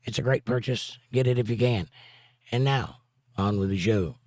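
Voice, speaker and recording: A man's voice: mid-range voice, moderate pace, a little mellow, a little hiss or hum. A man hosting a casual livestream, joking around and reading viewers' chat messages aloud. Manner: jokey, reads chat aloud. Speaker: host.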